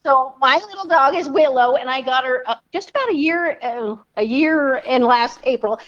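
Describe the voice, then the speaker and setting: A woman's voice: high voice, lively intonation, moderate pace, fairly bright tone, highs cut off. A woman guest in a casual chat interview, friendly and storytelling, laughing often. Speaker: guest, car restorer.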